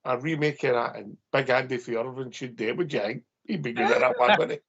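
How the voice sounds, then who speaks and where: A chatty Scottish man hosting a football phone-in, his voice gravelly and grainy. He keeps it casual with fillers and easy laughs. The sound is dull and lo-fi. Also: mid-range voice, fairly quick, over a noisy crowd. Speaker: radio phone-in host.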